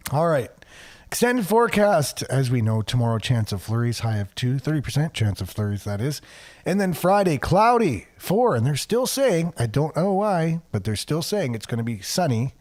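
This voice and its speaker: Man, radio host, casual weather read, sarcastic asides, fillers, mid-pitched voice. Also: darkish tone. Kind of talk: casual talk radio, reading a weather forecast.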